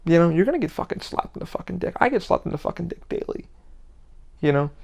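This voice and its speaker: A man's voice: a little high, animated, fast, gravelly, darkish tone. A man hosting a podcast alone, ranting bluntly in an unscripted monologue, swearing constantly and often restarting his sentences. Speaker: podcast host.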